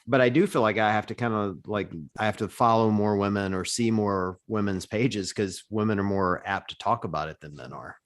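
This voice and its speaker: A man chatting casually as a podcast guest, an animated storyteller who breaks into loud laughter. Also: fairly low pitch, brisk, few pauses. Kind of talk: casual chat.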